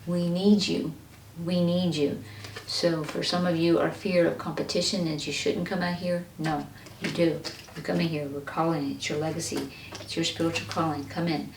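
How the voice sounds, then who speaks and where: A woman's voice: sits low, little pitch movement, moderate pace, far from the mic. A woman giving a pick-a-card tarot reading, speaking straight to her viewers in an earnest, encouraging way. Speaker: tarot reader. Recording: echoey room, mic set back, faint noise.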